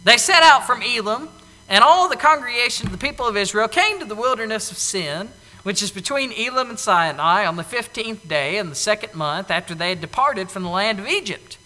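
Animated preacher in an echoey hall. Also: male voice, high voice, brisk. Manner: animated, acts out voices of the people. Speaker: pastor. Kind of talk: sermon.

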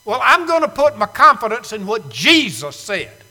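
A man preaching a sermon in a church, emphatic and swinging between loud and hushed. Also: sits high, huge pitch swings, moderate pace, big-room sound, rough recording. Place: church sanctuary.

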